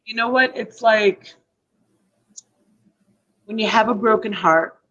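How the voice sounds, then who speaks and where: A woman's voice: a little high, slow, fairly bright tone, lo-fi sound. A woman hosting a casual live stream, emotional and tearful, rambling and reading out viewer comments.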